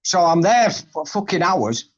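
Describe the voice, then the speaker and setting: A high, lively-pitched man grumbles and swears his way through a casual live chat. His voice swoops up and down as he talks bluntly. The stream audio sounds dull and lo-fi. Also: a little slow.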